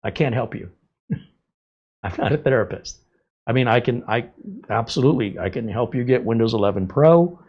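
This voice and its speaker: A man's voice: mid-range voice, normal speed, long pauses, slightly rough, muffled recording. A man hosting a live tech stream, answering viewer chat in a blunt, sarcastic way. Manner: blunt, sarcastic, lively asides. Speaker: tech show host.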